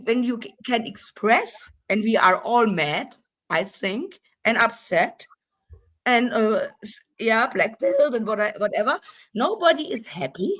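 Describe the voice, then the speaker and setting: A woman from Germany with a German accent, speaking English as a second language in casual chat, halting and often restarting while she searches for words. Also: a little high, big pitch swings, a bit bright, low-quality recording.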